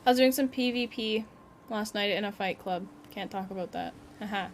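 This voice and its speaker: A woman's voice: medium pitch, normal speed, a little hiss or hum. A young woman chatting casually with viewers while streaming a game, giggly and reactive. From Canada. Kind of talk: casual live-stream chat while gaming.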